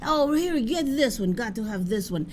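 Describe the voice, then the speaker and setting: A chummy, flirtatious middle-aged shop clerk, voiced by a woman quoting him talks with eager friendliness. His voice sits fairly high. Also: lively intonation, moderate pace, slight background noise, close to an everyday voice. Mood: flirty, chummy.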